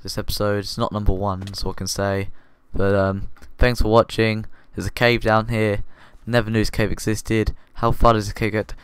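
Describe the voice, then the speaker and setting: A man chatters through his gameplay in a goofy, rambling way, poking fun at himself. His voice sits a little low and sounds smooth and clear. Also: little pitch movement, moderate pace, few pauses, no echo. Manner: goofy, rambling and self-mocking. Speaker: gaming video host. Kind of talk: casual gameplay commentary.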